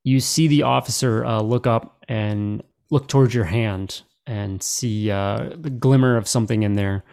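A man's voice: on the low side, steady tone, a little slow, creaky, darkish tone, clear, resonant tone. A man running a tabletop game as game master, narrating casually with many fillers.

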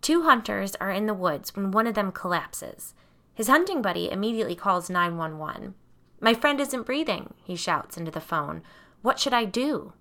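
A woman voicing a cheeky young girl who tells dark jokes with impish delight in an audiobook. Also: mid-range voice, lively intonation, moderate pace. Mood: gleeful.

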